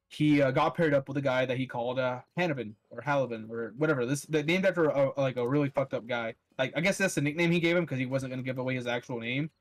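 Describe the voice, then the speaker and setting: A man telling a long story in a loose, rambling way, swearing often and filling gaps with "like". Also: mid-range voice. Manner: rambling, heavy swearing, lots of "like" fillers. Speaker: podcast host. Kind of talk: casual storytelling.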